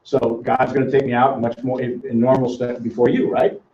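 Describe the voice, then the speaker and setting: A man's voice: medium pitch, level tone, brisk, warm tone. An older man teaching a live money seminar, quizzing audience members by name with a teasing manner. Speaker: financial educator. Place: seminar room with small audience. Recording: roomy, distant, dull lo-fi sound.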